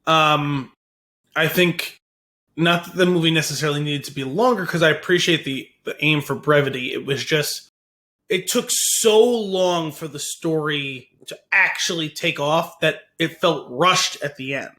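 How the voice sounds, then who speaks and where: A man with a high, sharp, bright voice co-hosts a casual movie podcast. He gives frank, opinionated takes, hedging and searching for words with many fillers. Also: a little slow. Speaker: podcast co-host.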